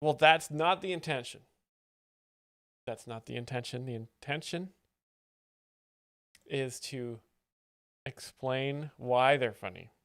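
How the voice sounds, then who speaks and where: Dry, clear-voiced stream host. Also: male voice, mid-range voice, slow, long pauses, fairly bright tone, no room sound. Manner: dry, mock-professorial asides. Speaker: host explaining jokes. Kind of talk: live stream commentary.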